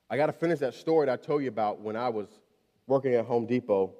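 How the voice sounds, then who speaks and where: A man in his thirties preaching a sermon, telling a story with many restarts and repeated words, then building in pitch and volume as he preaches. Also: quick pace, warm tone. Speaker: pastor. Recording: long reverb of a large hall.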